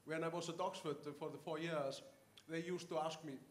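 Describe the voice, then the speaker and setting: An older man from Iceland, a professor telling anecdotes in an interview, halting with many fillers and restarts. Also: a little high, steady tone, slight background noise. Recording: echoey room, faint ambience.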